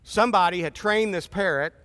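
A man's voice: sits high, a little fast, fairly bright tone. A man in his fifties preaching a sermon in a conversational, storytelling way with wry asides. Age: 50s.

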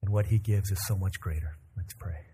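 A pastor delivering a sermon, a man with a fairly low, mellow voice. He tells a family story calmly, slipping into the lines of the people in it, then moves into leading prayer. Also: a little fast, slight background noise. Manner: calm storyteller who acts out family dialogue.

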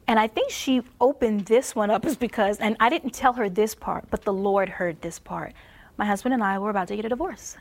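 A woman giving a Christian testimony sermon on marriage. She laughs often and drops to a soft near-whisper for emphasis. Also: mid-range voice, a little fast.

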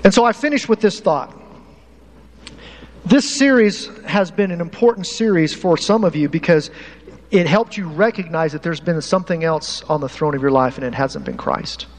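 A man preaching a lively sermon to his congregation as pastor, animated and talking straight to the people in the pews. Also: fairly high pitch, moderate pace. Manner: animated, uses props, talks to the congregation. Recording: hall reverb, faint room noise.

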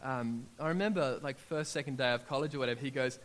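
A middle-aged Australian man talks fast in a medium-pitched voice as he preaches, relaying personal testimonies and acting out what people told him. He builds to loud, excited peaks, with slight background noise on the recording.

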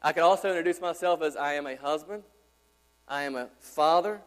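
A man's voice: a little high, brisk. A man in his thirties, a pastor, preaching an emphatic sermon with repeated rhetorical questions. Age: 30s. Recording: long hall reverb.

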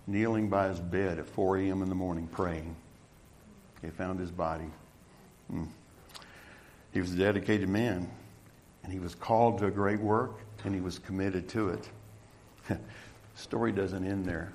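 In a low-pitched voice, a middle-aged male pastor delivers a sermon that moves between forceful, emphatic appeals to his congregation and soft, hushed stories. There's slight background noise.

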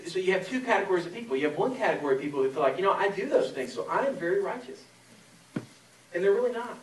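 A man's voice: a little high, slight background noise. A man in his forties from Florida, preaching a sermon as a pastor in a conversational storytelling way with many fillers. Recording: echoey room from a distance.

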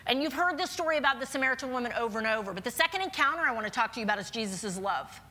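Bright-voiced woman preaching a sermon. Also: a little high, animated. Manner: earnest, personal, slows down for emphasis. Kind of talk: sermon with scripture reading.

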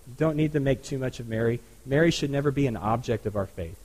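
A man's voice: mid-range voice, fast, darkish tone, poor audio. A man preaching a sermon to a congregation in an earnest, conversational way, often adding asides. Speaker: pastor. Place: church.

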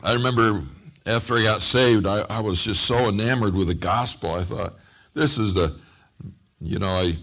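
A man's voice: fairly low pitch, normal speed. A middle-aged man preaching a sermon as a pastor, telling stories with acted-out quotes and frequent repeated words and restarts. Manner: animated storytelling with acted-out quotes.

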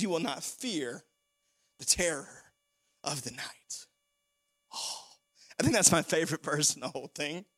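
A man preaching a sermon as pastor, animated and full of repeated phrases. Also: sits high.

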